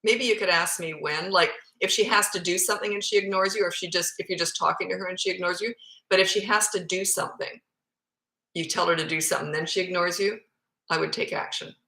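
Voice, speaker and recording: A woman in her fifties with a Canadian accent touched by Australian vowels, talking into a phone in a room at home. Her voice sits fairly low but has a bright, forceful edge. The room sounds echoey as she chats bluntly and pokes fun at herself. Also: steady tone, fast talker. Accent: Canadian with some Australian. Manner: chatty, blunt and self-deprecating. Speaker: parenting coach. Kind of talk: casual live Q&A. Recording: roomy echoey phone recording.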